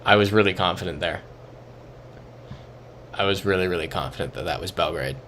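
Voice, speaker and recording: A man's voice: deep voice, a little fast, a bit bright, slight background noise. A young man streaming a geography guessing game, thinking aloud and reading chat messages in a casual, muttering way. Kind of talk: casual live-stream commentary.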